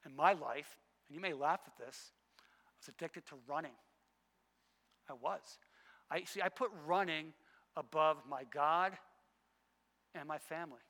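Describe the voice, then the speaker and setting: A male pastor preaching a sermon, emphatic and repetitive, swinging between loud passages and hushed ones. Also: on the high side, measured pace, gravelly, long pauses, big-room sound.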